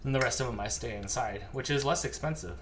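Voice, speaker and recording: A man's voice: mid-range voice, fast talker, a bit bright, a little hiss or hum. A man co-hosting a baking live stream, chatting casually and making dry, teasing jokes.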